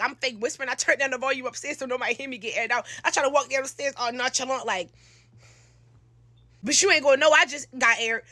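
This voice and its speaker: A young woman, telling a slangy, animated storytime into a close phone mic. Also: fairly high pitch, dry recording. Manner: animated, slangy, acts out quotes with loud shouts. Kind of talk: storytime monologue.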